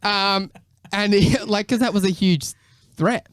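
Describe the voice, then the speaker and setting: A young man chats on a podcast in a relaxed, storytelling way, with a few laughs along the way. His voice sits a little high for a man. The sound is dry and close, with no room around it. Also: unhurried, smooth, dry recording. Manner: laid-back storytelling, often laughing. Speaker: guest musician. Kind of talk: casual podcast chat. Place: podcast studio.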